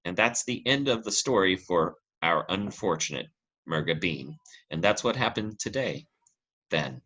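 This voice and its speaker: A man tells a story on a podcast in a relaxed, joking way, with plenty of laughs. His pitch sits a bit low, but it swings up and down a lot. His tone is bright and forward. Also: unhurried, low-quality recording. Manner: jokey, laughs often between lines. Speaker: podcast host. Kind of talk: casual storytelling segment.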